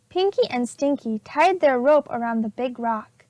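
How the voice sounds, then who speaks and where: Preschool teacher, female, expressive read-aloud voice, swooping high tones. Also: no room sound. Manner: slow, expressive storybook reading. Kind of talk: reading a chapter book aloud to children.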